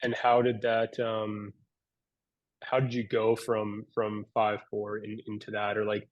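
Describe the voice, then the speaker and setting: A man's voice: fairly low pitch, flat delivery, moderate pace, muffled recording. A man hosting a podcast interview, asking questions casually with hesitant repeated words. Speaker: podcast host.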